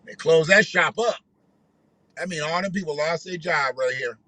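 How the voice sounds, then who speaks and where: A man's voice: a little high, moderate pace, pushed and bright, no echo, low-quality recording. A man hosting a casual reaction commentary, joking and talking loosely with some profanity. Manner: laughing, joking, loose and profane street talk. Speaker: commentary vlog host.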